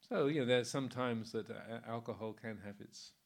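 A man in his sixties, a Buddhist monk, giving an informal Dharma talk in a relaxed, anecdotal way, with many fillers and frequent chuckles. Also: mid-range voice, a little fast, gravelly.

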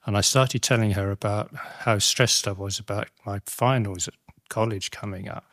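Giving a Dhamma talk, a middle-aged man who teaches as a Buddhist monastic speaks reflectively and haltingly, often restarting and adding tag questions. The clean studio sound has no echo, and his lowish voice has fairly even intonation and a fairly bright tone.

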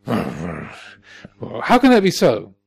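A man voicing a proud, stubborn king who talks in a blustering, halting way. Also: fairly low pitch, vocal fry. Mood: indignant.

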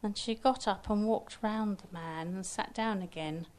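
Gentle woman telling a folktale. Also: medium pitch. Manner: unhurried, gentle, with small restarts. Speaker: storyteller. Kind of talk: oral folktale storytelling.

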